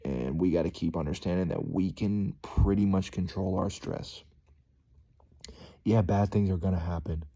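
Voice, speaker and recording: A man's voice: deep voice, moderate pace, dark tone, slightly rough. A young man talking casually to his viewers in a rambling, slangy vlog monologue, full of fillers and calling people "dude". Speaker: vlogger.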